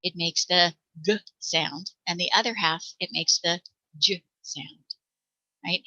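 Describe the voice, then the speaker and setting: A woman's voice: mid-range voice, sharp tone, no room sound, low-quality recording. An American woman teaching parents letter sounds, patiently demonstrating each one aloud. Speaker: reading teacher.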